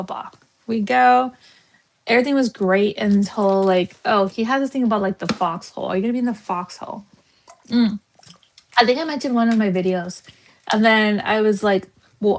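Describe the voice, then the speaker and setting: A woman's voice: mid-range voice, a little hiss or hum, rough recording. A woman in her thirties hosting a casual livestream, chatty and blunt, swearing freely and filling her talk with "like", while she cooks. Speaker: livestream host.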